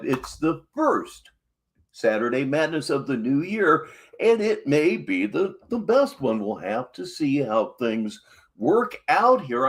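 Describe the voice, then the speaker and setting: A man hosting a livestream show, introducing a clip with sardonic, mocking asides. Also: medium pitch. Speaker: livestream host. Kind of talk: casual stream commentary.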